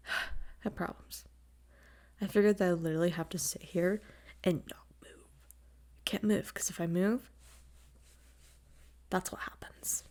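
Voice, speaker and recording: A woman's voice: fairly low pitch, steady tone, measured pace, long pauses, mellow, whispered. A young adult woman hosting her own podcast in casual chat, gushing and chatty, laughing often and swearing casually, on a new mic with no windscreen. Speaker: podcast host. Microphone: new desk mic without windscreen.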